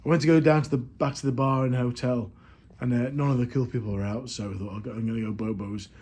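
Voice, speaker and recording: A man's voice: mid-range voice, fairly even intonation, quick pace, husky. A man in a casual travel vlog, talking in a chatty, jokey, self-deprecating way, sounding tired. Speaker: vlogger. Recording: loud street and crowd noise.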